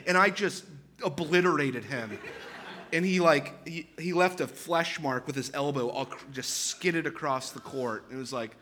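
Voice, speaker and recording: A man in his thirties, a pastor, preaches at a measured pace in a bright, forward, rather high voice, with a little hiss or hum in the background. He is earnestly emphatic, relaxing into conversational asides and restarting or repeating phrases as his argument builds.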